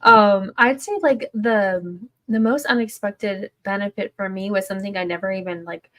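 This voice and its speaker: A woman's voice: mid-range voice, steady tone, moderate pace, a bit bright. A woman, a stay-at-home mom, sharing her story in a casual livestream chat, rambling with many fillers and restarts.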